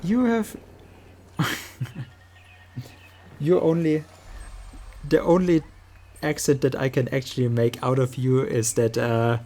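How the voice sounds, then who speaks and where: Here a German-accented man, strongly so and not a native English speaker, makes relaxed small talk while streaming a game. The voice is medium-pitched, gravelly and mellow; he goes slowly and pauses a lot, searching for how to say things.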